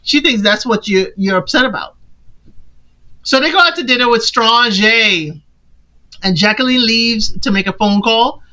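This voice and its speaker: A woman casually recapping a film for a podcast, animated and playful, often quoting the characters in put-on voices. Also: fairly high pitch, unhurried, rough recording.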